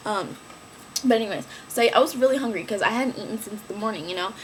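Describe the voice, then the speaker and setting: A young woman telling a story in a casual vlog, animated and slangy, acting out quoted lines in a raised voice. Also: medium pitch, quick pace, a little hiss or hum, rough recording. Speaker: vlogger.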